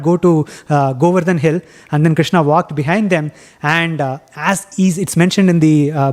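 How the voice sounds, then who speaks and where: A man giving a devotional class, retelling a scriptural story with many pauses and fillers. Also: fairly high pitch, a little mellow. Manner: halting, many fillers and restarts. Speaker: temple class speaker.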